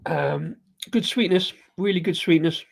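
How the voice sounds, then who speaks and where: A man's voice: fairly high pitch, unhurried, creaky. A man hosting a casual live beer review, rambling and hesitant with lots of ums and restarts as he sips the beer while he talks. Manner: rambling, hesitant, full of ums and self-corrections; sipping and tasting beer while talking.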